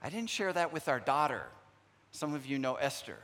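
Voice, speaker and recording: A middle-aged man preaching a sermon, telling personal stories in an earnest way and pausing to restart his sentences. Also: medium pitch, very animated, a bit bright. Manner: storytelling, acts out remembered dialogue; earnest, frequent pauses and restarts. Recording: long hall reverb.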